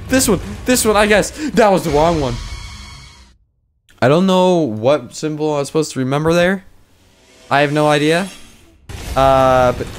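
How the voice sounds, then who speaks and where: Joking young-sounding gaming commentator. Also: male voice, a little high. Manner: joking, talks to the game characters; sudden loud yelps and exclamations. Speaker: gaming YouTuber. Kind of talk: let's play commentary.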